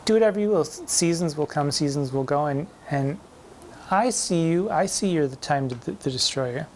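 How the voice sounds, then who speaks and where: Man, drag performer, campy poetry lecture, theatrical, slow emphatic recitation. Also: fairly high pitch, lively intonation, darkish tone, a little hiss or hum. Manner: playful, theatrical, recites verse slowly and emphatically.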